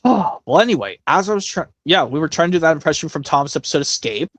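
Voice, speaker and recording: Animated streamer with rambling delivery. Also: medium pitch, dry recording. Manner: rambling, self-correcting, quick bursts. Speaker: stream host. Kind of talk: casual chat and storybook reading.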